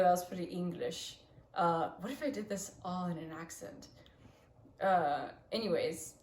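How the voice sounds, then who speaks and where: A woman's voice: fairly low pitch, slight background noise. A young woman hosting a casual, tipsy home-made history retelling, rambling and often losing her place with lots of fillers. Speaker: host. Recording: echoey room.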